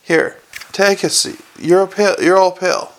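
A man's voice: high voice, fairly even intonation, normal speed, pitched above the performer's own voice, natural voice. A man doing a fussy, kindly sergeant. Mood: fussing. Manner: fussing, reassuring. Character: homely middle-aged male sergeant, fussy and kind.

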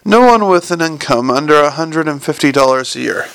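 A man's voice: a little high, expressive, a little fast, a bit bright, clean tone, no room sound. A man voicing a cynical, snappish old lady. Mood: dry, cynical. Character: sharp-tongued wealthy old woman bank owner.

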